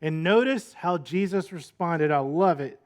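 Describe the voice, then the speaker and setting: A man's voice: fairly high pitch, expressive, a little slow. A male pastor giving a sermon in a conversational, storytelling way, full of rhetorical questions.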